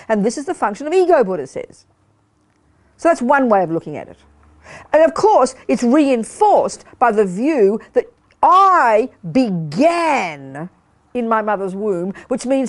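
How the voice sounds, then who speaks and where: A woman's voice: fairly high pitch, very animated, unhurried. An older woman giving a Buddhist teaching to a study group, emphatic and full of rhetorical questions to the audience. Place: meditation hall in a study center.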